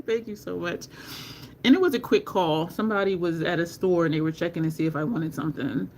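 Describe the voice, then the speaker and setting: A woman hosting a makeup livestream from home, talking slowly and rambling while she greets viewers from the chat. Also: lowish voice, a little mellow.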